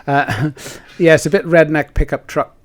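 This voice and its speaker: A man's voice: on the high side, fairly even intonation, normal speed. A man, co-hosting a podcast and telling a rambling, self-deprecating story with laughs mixed in. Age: 60s. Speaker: podcast co-host. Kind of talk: casual chat.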